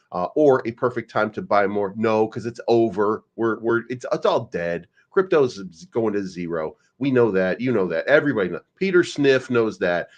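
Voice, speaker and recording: A man hosting a crypto livestream, rambling and joking with casual swearing. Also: lowish voice. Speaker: crypto live-stream host.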